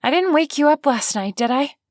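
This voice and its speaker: A woman's voice: high voice, lively intonation, fairly quick, dry recording, clean studio sound, voice pushed up. A woman voicing an anxious, flustered young woman, her lines lifted, eager and nervous in an audiobook.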